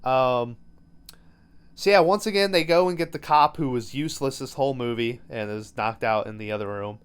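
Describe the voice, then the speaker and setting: A man's voice: mid-range voice, moderate pace, clean tone. Casual, profane man recapping a movie. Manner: loose, profane storytelling with many fillers. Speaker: podcast host.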